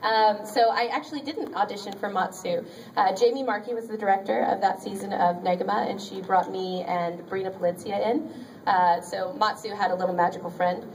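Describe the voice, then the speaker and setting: A woman's voice: medium pitch, fairly even intonation, fairly quick, far from the mic, a little hiss or hum, rough recording. A woman voice actress telling stories on a convention panel, chatty and bubbly, laughing often and saying "like" a lot. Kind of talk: animated anecdote telling to a live audience.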